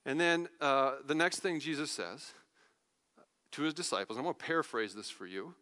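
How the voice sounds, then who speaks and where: A man preaching a sermon, retelling a Bible story in a lively, casual storytelling manner. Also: a little high, moderate pace, in a large hall. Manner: animated storytelling, paraphrases Bible figures in casual voices. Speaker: pastor.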